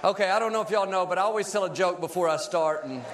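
A man's voice: sits high, quick pace, background noise. A male pastor preaching a sermon with jokes in a large church, upbeat and leading the congregation in call-and-response.

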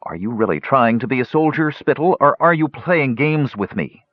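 A man's voice: mid-range voice, expressive, normal speed, no echo, voice pushed up, natural voice. A man voicing a stern, exasperated woman who is a queen in an audiobook, speaking sharply and commandingly. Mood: angry. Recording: dull lo-fi recording.

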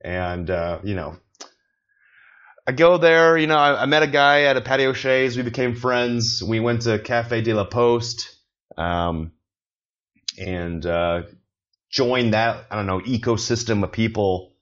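A non-Chinese man living in Beijing hosts a casual solo podcast, rambling with lots of fillers and restarts and joking at his own expense. His medium-pitched voice is unhurried and a bit bright, and the sound is lo-fi.

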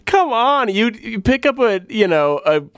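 A man co-hosting a comedy podcast, reacting with goofy quick remarks. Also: very animated, a bit bright, clean tone, no echo, clean studio sound. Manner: goofy quick reactions, big pitch jumps. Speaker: podcast co-host.

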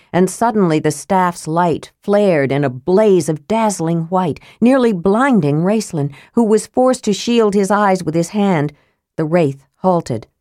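Low-voiced woman narrating a fantasy tale. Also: no room sound, clean studio sound. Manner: measured, even storytelling. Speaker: audiobook narrator.

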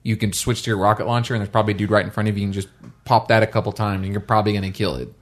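A man's voice: lowish voice, steady tone, rapid-fire. A man in casual conversation about a video game who keeps acting out game characters' lines in funny voices.

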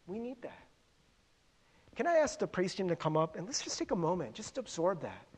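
A man's voice: high-pitched, sing-song, brisk, slightly rough. A middle-aged man preaching a conversational sermon as a pastor, often stumbling over repeated words. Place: church sanctuary.

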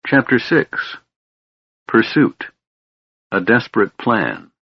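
A man narrating a fantasy novel in a measured, steady way. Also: on the low side, creaky, breathy edge, no echo, highs cut off. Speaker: audiobook narrator.

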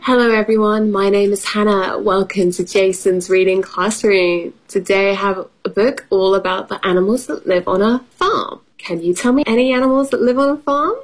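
A woman's voice: mid-range voice, fairly even intonation, moderate pace, hardly any pauses, low-quality recording. A woman reading a farm picture book to children as an English lesson, asking questions and making playful animal sounds. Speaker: storybook reader and English teacher.

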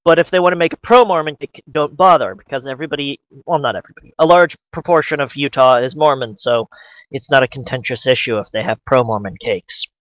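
A man's voice: mid-range voice, fast, no room sound, highs cut off. A man co-hosting a casual comedy podcast, joking and rambling through his points with restarts and mock quotes. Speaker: podcast co-host.

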